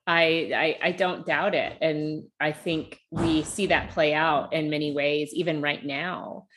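A woman talks in a reflective conversation. She is thoughtful and animated, and she acts out the voices of the people she quotes. Her voice sits a little low for a woman. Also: unhurried, slight background noise.

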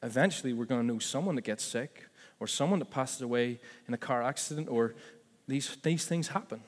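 A man's voice: medium pitch, fairly quick, big-room sound. A man preaching a sermon as pastor, conversational and full of asides and self-corrections.

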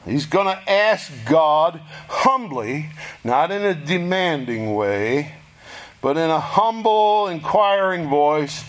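A male preacher with a fairly high voice delivers a sermon at an unhurried pace. He speaks deliberately, leaning on dramatic pauses, and acts out prayers in a raised, pleading voice. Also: animated.

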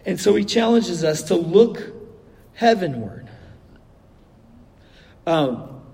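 A man's voice: sits high, big pitch swings, slow pace, gravelly, mellow, big-room sound. A middle-aged man, a pastor giving a sermon and telling a funny personal story with many fillers.

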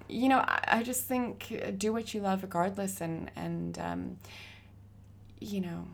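A woman in her thirties, a graffiti artist, telling stories in a casual interview with lively, laughing energy. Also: mid-range voice, gravelly. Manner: animated, laughing storyteller.

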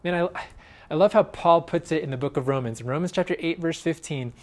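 Guy preaching, earnest, goes loud then drops real quiet, voice a bit high. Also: a little fast. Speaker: pastor. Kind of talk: sermon.

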